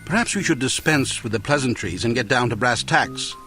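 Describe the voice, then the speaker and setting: Businesslike spy chief, formal briefing voice, game music behind. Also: male voice, medium pitch, expressive, fairly quick, bright, forceful tone. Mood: grave.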